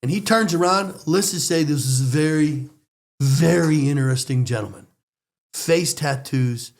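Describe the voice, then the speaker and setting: An American man telling a story in a lively, excitable way, speaking in quick bursts. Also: fairly high pitch. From United States. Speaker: storyteller guest. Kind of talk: animated storytelling.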